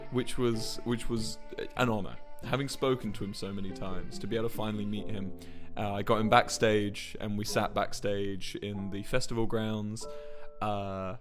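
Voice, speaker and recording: A man's voice: medium pitch, a bit bright. A man in his twenties tells a rambling story casually on a livestream and swears often. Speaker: musician and streamer.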